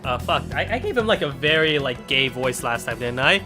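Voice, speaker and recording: A young man rambling through casual game commentary, joking and cursing offhand as he plays. His voice sits at a middling pitch over music in the background. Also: animated, fairly quick, hardly any pauses. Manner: rambling, jokey, swears casually. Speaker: let's play host.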